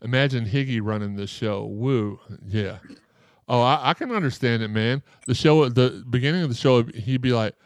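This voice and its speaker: A man's voice: mid-range voice, moderate pace, no echo, clean studio sound. A man hosting a live podcast, joking and rambling as he reads chat comments aloud, his throat sore after surgery. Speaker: podcast host.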